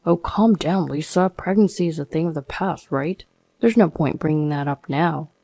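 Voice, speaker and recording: Smug bossy husband, woman reading him in her own low mellow voice, talks down to his wife. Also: normal speed, no room sound. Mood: smirking. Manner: scornful, bossy, condescending. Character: dismissive smug adult husband.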